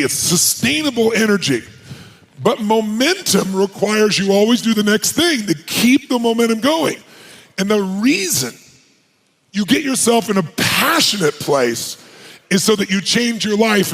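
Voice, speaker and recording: A man works a seminar crowd with a high, swooping voice that leaps all over its range. His tone is gravelly and raspy, and he fires question after question at the room. He builds from low intensity to shouted hype. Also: low-quality recording. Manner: rapid-fire rhetorical questions, commanding the crowd. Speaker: motivational speaker. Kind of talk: live seminar speech to an audience.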